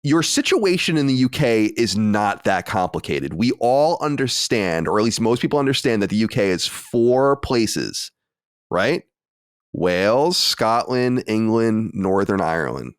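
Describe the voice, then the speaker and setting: A man chats on a podcast, his voice leaping up and down in pitch as he rambles, swears and restarts his sentences. The mic is close and dry, with no room sound at all. He sounds like a regular co-host arguing a point. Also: unhurried, clean tone, dry recording. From United States. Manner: animated, profane, rambling with restarts. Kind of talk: casual chat.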